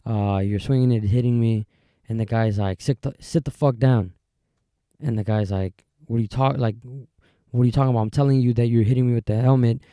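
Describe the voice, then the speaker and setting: Man with a very dark, dry voice. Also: medium pitch, fairly even intonation, fast talker, clear, resonant tone, dry recording. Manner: rambling, filler-heavy storytelling with many restarts. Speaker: podcast host. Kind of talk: casual solo storytelling.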